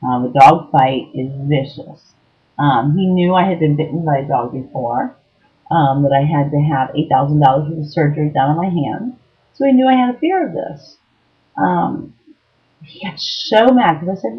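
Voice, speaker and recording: A middle-aged woman earnestly recounts her experience with an abusive ex-partner, her low-pitched voice moving at a normal speed. She's emotionally raw, with frequent ums and restarts, on a dull lo-fi home recording.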